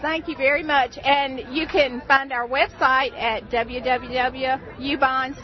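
A woman's voice: high voice, fairly even intonation, unhurried. A woman with a Mississippi Southern accent, chatting casually in an interview about her husband's restaurant. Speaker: restaurant owner's wife, interviewee. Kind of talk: casual interview at a food festival. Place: outdoor festival crowd. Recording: muffled radio recording amid crowd.

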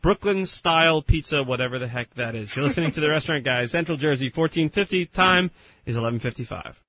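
Radio host guy, jokey, kinda high voice, dull old radio sound. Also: expressive. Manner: jokey, quick to tease guests. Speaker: radio talk show host. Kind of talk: radio talk show banter.

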